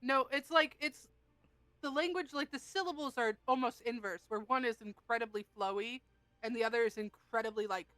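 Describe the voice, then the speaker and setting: Woman, player, animated casual chat, higher pitch, dry sound. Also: fairly quick, dry recording. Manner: animated, explains with sound effects.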